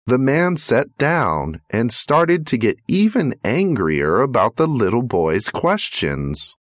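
A man's voice: on the low side, no room sound, clean studio sound. A man narrating a short moral story, acting out the parts as he reads. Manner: lively, acts out the story.

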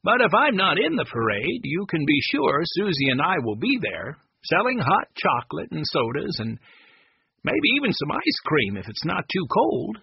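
A man's voice: fairly high pitch, huge pitch swings, moderate pace, vocal fry, husky, dry recording, highs cut off, exaggerated voice. A man doing a folksy old vendor. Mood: friendly. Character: cheerful older ice cream vendor.

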